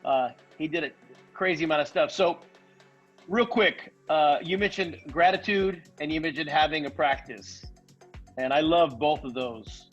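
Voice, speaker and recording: A man's voice: on the high side, moderate pace, fairly bright tone, faint music behind. Laid-back man on a dull call line. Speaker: guest. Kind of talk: casual chat on a video call. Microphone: video call. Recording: dull video call audio.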